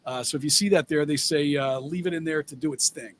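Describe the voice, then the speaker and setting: A man co-hosting a podcast, reading out news stories in a measured way, with frequent "uh" fillers. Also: fairly high pitch, slight background noise. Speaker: co-host.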